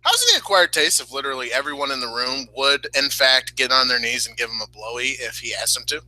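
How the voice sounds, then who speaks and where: Male podcast co-host, crude joker with a very bright, animated voice. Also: mid-range voice, fast, dry recording, low-quality recording. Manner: crude, jokey, breaks into big laughs. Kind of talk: casual podcast banter.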